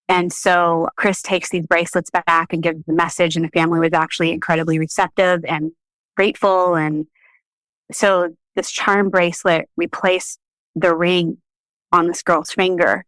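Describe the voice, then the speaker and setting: A woman in a podcast interview, telling a personal story in an animated way and acting out the voices of the people in it. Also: fairly low pitch, measured pace, no echo. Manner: animated storyteller, laughs often, acts out quoted voices. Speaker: podcast guest, shamanic practitioner.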